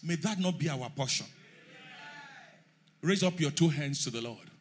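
A man preaching a sermon emphatically, rising to shouts and leading the congregation in call and response. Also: on the high side, normal speed, a little hiss or hum.

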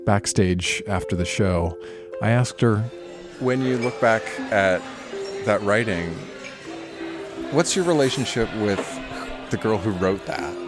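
Deep-voiced male host over loud music. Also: expressive. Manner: gentle, measured questioning. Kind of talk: podcast interview and narration.

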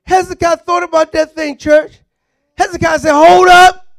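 High-voiced fervent male preacher. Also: little pitch movement, moderate pace, creaky. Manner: fervent call-and-response preaching, often shouting. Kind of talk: sermon.

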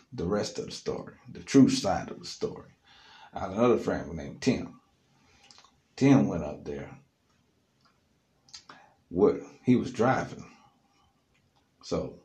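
Brief: man, casual animated storyteller, lively swings, roomy studio sound. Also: low voice. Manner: animated, loose with fillers. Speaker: podcast host telling a story. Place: studio, alone. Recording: echoey studio room.

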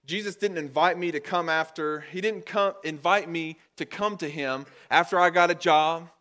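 A man preaching a sermon to his congregation in a conversational way, calling them guys and getting louder and higher when he drives a point home. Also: normal speed. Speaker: pastor. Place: church.

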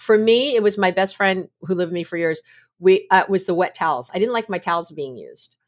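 A woman's voice: fairly low pitch, fairly quick. A middle-aged woman explaining mindfulness in casual conversation, acting out little scenes with laughs. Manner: animated storytelling with laughs and acted-out quotes. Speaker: guest expert on mindfulness.

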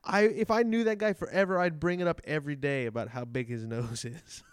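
A man's voice: on the high side, steady tone, fairly quick, smooth, no room sound, clean studio sound. A man chatting casually on a podcast, telling eager stories and laughing along. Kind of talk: casual chat.

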